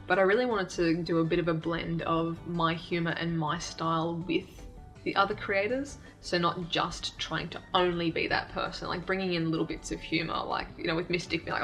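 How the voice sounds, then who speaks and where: Young woman vlogger, candid and self-deprecating, lower flat voice. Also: moderate pace, faint music behind. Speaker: YouTube creator. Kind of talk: casual reflective vlog talk.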